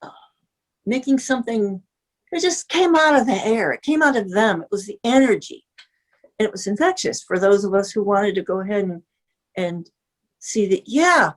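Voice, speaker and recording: An older woman in her seventies from the Midwest, reminiscing as an interview guest. Her voice swoops lively up and down as she gushes about the past, trailing off and restarting her sentences, all at a medium pitch. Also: moderate pace, long pauses. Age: 70s. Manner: animated, gushing, breaks off mid-sentence. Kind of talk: casual reminiscing chat.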